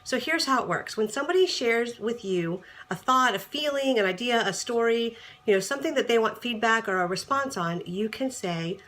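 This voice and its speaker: A woman relationship coach giving casual advice straight to camera, chatty and animated, acting out bits of dialogue as she explains. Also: fairly high pitch, normal speed, few pauses.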